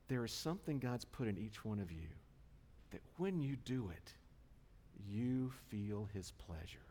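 A man's voice: lowish voice, darkish tone. Fields: chatty male pastor in a reverberant hall. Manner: conversational, self-deprecating, checks in with "all right?". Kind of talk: sermon. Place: church sanctuary. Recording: long church hall reverb.

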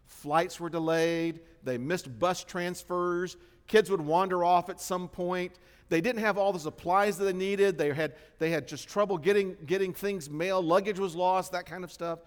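A man's voice: high voice, normal speed, hardly any pauses, clear, resonant tone. Man preaching in a reverberant hall. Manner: storytelling, animated swings in loudness. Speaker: pastor. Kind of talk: sermon. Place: church sanctuary.

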